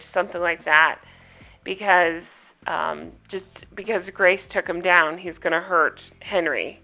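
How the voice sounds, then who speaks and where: Woman recapper, casual and chatty, clear bright voice. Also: lowish voice, fairly even intonation, unhurried, faint music behind. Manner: chatty, retelling scenes with quotes and reactions. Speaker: TV show recapper.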